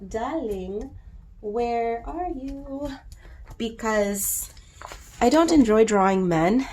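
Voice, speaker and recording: A woman's voice: mid-range voice, darkish tone, a little hiss or hum. Congested woman chatting while she colors. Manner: chatty, profane and playful, rambling asides. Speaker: coloring book artist and host. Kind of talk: casual chat while coloring.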